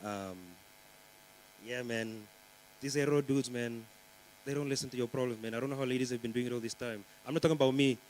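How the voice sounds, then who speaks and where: A man's voice: mid-range voice, steady tone, brisk, a little mellow, slight background noise, low-quality recording. Young man doing stand-up. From Namibia. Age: young adult. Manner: chatty, rambling, teasing the crowd with lots of fillers. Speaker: stand-up comedian. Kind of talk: stand-up comedy set. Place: conference stage before a live audience.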